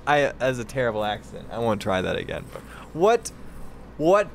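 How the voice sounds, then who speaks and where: A man's voice: a little high, very animated, moderate pace, a little hiss or hum. A man ranting incredulously and sarcastically while reacting to news clips, exasperated and mocking.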